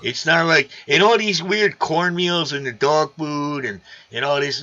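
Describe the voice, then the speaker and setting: A man with a gravelly voice hosting a casual live stream, loose and excitable, reading viewer comments aloud. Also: on the high side, unhurried. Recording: dull lo-fi stream audio.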